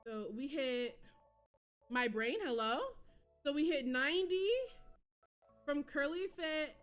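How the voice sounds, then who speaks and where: A young woman hosting a live stream, chatting casually with her viewers and breaking into excited shrieks and giggles. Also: sits high, slow, soft background music. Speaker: livestream host.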